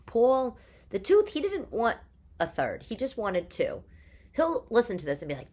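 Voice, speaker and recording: A woman hosting her podcast, chatting in a chatty, animated monologue from her living room. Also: medium pitch, moderate pace. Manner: chatty and animated, with rhetorical questions. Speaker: podcast host. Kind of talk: casual monologue.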